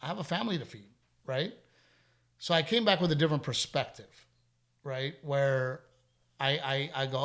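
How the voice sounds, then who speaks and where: Middle-aged guy hosting a podcast, kinda high voice, candid storyteller, repeats stuff for emphasis. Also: normal speed, pauses often, fairly bright tone. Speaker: podcast host. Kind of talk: casual podcast chat.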